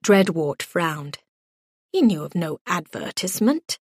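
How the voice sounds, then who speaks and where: Slow, measured woman audiobook narrator. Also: fairly low pitch, big pitch swings, breathy edge, no echo, clean studio sound.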